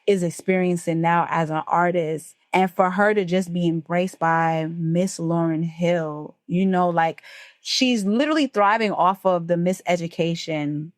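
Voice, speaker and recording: A woman's voice: on the low side, measured pace, no echo, clean studio sound. A woman talking emphatically and emotionally as a podcast co-host, full of profanity. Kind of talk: casual chat.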